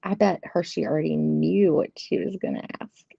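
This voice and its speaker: A woman's voice: sits low, fairly even intonation, moderate pace, vocal fry, dark tone, slightly rough, dry recording. A woman in her thirties or forties hosting a live tarot stream from home, chatting casually and laughing often. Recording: dull lo-fi stream audio.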